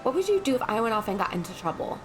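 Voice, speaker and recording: A woman's voice: a little high, sing-song, very fast, music in the background, poor audio. A woman voicing a spirited, bossy little girl while reading game dialogue aloud. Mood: indignant.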